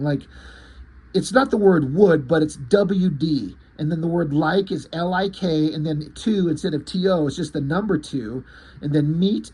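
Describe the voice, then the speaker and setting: A man reviewing a comic book, rambling through the plot in a halting, casual way with many fillers and restarts. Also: sits high, slightly rough.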